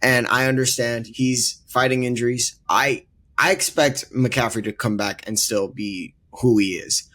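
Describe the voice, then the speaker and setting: A man's voice: mid-range voice, steady tone, measured pace, a bit bright. A man co-hosting a casual sports debate podcast, earnestly laying out his rankings with emphatic repetition. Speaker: podcast co-host.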